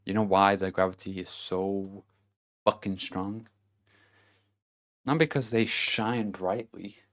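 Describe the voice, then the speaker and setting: A man's voice: low-pitched, fairly even intonation, slow, fairly bright tone. A man giving a casual motivational monologue to camera, blunt and profane, chuckling between his points. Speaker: vlogger.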